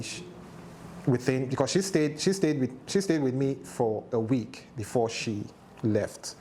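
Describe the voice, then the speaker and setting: A man, a guest on a talk show, recounting a personal loss in halting, emotional testimony, his voice rising and breaking with distress. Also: medium pitch, darkish tone, slight background noise. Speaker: interview guest.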